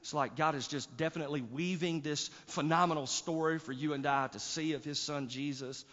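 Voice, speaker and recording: A man's voice: fairly high pitch, fairly even intonation, brisk, a bit bright. A male pastor preaching a sermon, emphatic, with rising bursts and repeated words. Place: church sanctuary. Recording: church hall reverb, dull lo-fi sound.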